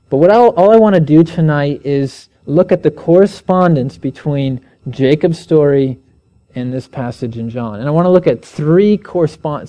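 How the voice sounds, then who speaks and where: Preacher, male, slightly high, mellow tone; earnest teaching style. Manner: earnest, asks the listeners questions, raises pitch when reading scripture aloud. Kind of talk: evening Bible teaching sermon.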